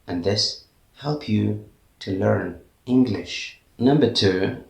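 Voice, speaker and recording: A man with an Arabic accent teaching a lesson on English pronunciation, sounding out example words slowly and carefully. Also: fairly low pitch, gravelly, echoey room. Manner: slow, careful enunciation when giving example words. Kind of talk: language lesson to camera.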